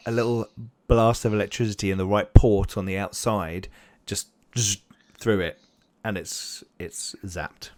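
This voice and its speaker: A man running a tabletop role-playing game as game master, narrating in a rambling, animated way with sound effects. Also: lowish voice, moderate pace, few pauses, dry recording.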